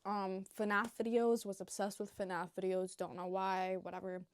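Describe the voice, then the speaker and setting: A young woman vlogger in a rambling casual chat, swearing freely and breaking into squeaky acted quotes. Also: little pitch movement, moderate pace, clear, resonant tone, no echo, studio quality.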